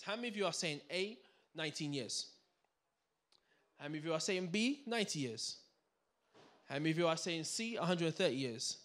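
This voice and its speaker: A man giving a live finance seminar to a room audience, energetic and full of banter, quizzing the crowd. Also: fairly high pitch. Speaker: seminar speaker.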